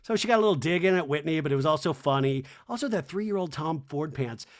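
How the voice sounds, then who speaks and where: Rambling man podcaster, slightly high. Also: animated, quick pace. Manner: rambling, filler-heavy, wry asides. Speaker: podcast host. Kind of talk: casual recap commentary.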